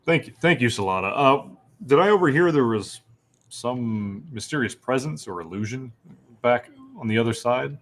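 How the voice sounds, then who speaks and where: A man as a player in a tabletop game, talking easily with some halting restarts. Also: medium pitch, lively intonation, fairly bright tone. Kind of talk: casual tabletop game chat.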